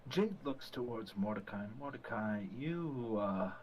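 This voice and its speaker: A man's voice: mid-range voice, lively intonation, measured pace, dull audio, a little hiss or hum. A man playing in a tabletop game, teasing the others and narrating what his character does in a dry, plain way. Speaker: player. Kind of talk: casual tabletop game play.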